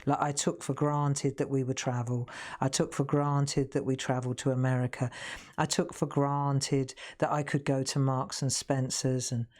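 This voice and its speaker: A woman's voice: a bass voice, level tone, moderate pace, a little mellow. A middle-aged woman, chatting casually and laughing often while demonstrating crafts on a live stream.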